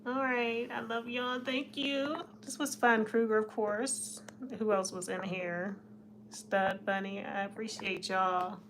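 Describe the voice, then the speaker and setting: A woman's voice: mid-range voice, steady tone, slow, a bit bright, slight background noise. A woman hosting a casual live stream, chatting with her viewers and reading their comments, often laughing. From United States. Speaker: livestream host.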